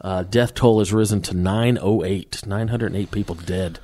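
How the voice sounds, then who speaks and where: A man co-hosting a podcast in casual chat, talking in a conversational way and giving a quick news update. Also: on the low side, steady tone, background noise. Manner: conversational, gives quick news updates, many affirming murmurs. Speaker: podcast co-host.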